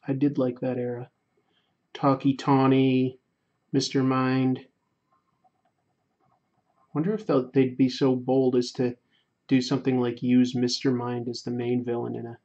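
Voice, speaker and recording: A man hosting a drawing livestream, chatting casually and reading viewer comments, going quiet during fine detail work. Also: medium pitch, monotone, measured pace, long pauses, lo-fi sound. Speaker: livestream host. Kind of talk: casual chat while drawing.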